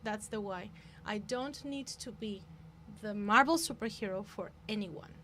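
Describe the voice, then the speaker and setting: A woman coach talking in a casual conversation, emphatic and animated, laughing often. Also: medium pitch, measured pace, a little hiss or hum. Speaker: guest coach.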